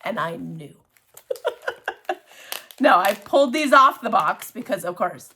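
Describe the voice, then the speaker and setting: A woman chatting casually in a show-and-tell craft vlog, gushing and excitable, with many restarts and laughs. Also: mid-range voice, a little slow, slight background noise. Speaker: cross-stitch vlogger.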